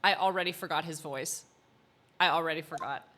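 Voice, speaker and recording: A woman's voice: sits low, brisk, background noise. A woman in her twenties from the United States hosting a let's-play, chatting in a giggly, rambling way. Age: 20s. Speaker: gaming channel host. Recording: voice over game music.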